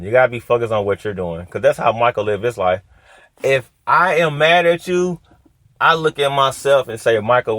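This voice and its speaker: A man's voice: medium pitch, a bit bright, dry recording. A man talking casually in a self-help monologue, emphatic, repeating phrases and asking rhetorical questions.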